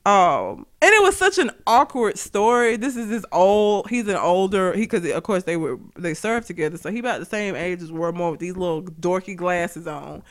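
An animated woman from Alabama chatting on a podcast, her pitch leaping up and down as she talks. She is blunt and profane, and she breaks into laughter often. Her delivery is loose and conversational. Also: normal speed, hardly any pauses. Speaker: podcast co-host. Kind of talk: casual chat.

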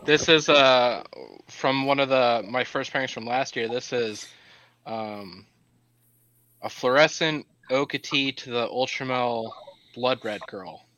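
A man guesting on a casual podcast round table, relaxed and joking. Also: mid-range voice, slow, no echo, rough recording.

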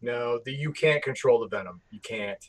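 A man co-hosting a casual chat, cutting in with quick, emphatic remarks. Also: mid-range voice. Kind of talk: casual comic book chat.

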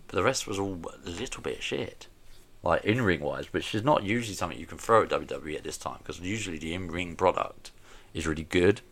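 A man co-hosting a podcast, giving blunt, animated opinions in casual chat. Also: deep voice, brisk. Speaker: podcast co-host.

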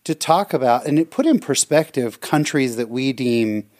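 A man co-hosting a casual podcast, reading audience comments aloud with gushing, heartfelt praise. His voice sits at an ordinary middle pitch, and his manner is friendly and effusive. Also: expressive, moderate pace, a little mellow. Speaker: podcast co-host.

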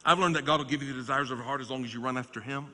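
A man in his forties preaching a revival sermon, swinging between loud exhortation and quiet storytelling. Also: mid-range voice, steady tone, rapid-fire. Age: 40s. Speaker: pastor. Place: large church sanctuary. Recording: long church hall reverb.

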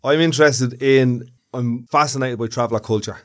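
A man's voice: mid-range voice, normal speed. Curious joking man asking questions. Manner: curious, asks questions, jokes. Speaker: podcast co-host. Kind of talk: casual chat.

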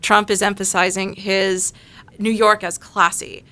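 A woman speaks on a podcast panel with a bright, clear-edged voice. She explains her points in a measured, analytical way, building each idea step by step. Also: mid-range voice, flat delivery.

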